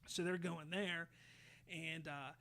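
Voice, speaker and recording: A man hosting a podcast, casually retelling a show's plot with lively, swear-laden storytelling. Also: fairly high pitch, slow. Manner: animated storyteller, swears freely, acts out quotes. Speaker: podcast host.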